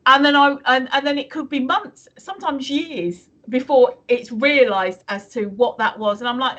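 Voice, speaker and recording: A woman's voice: sits high, normal speed, few pauses, fairly bright tone, lo-fi sound. A woman from the UK co-hosting a live stream, chatting casually and rambling with many restarts. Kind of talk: casual chat reading viewer comments.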